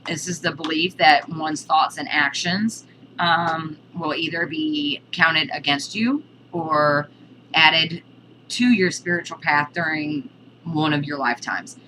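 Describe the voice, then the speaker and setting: A woman's voice: sits low, slow pace, sharp tone, a little hiss or hum, rough recording. A woman giving a casual spoken lesson on witchcraft, hesitant, with many ums and restarts. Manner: chatty, breaks off to scold her cat. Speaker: witchcraft teacher.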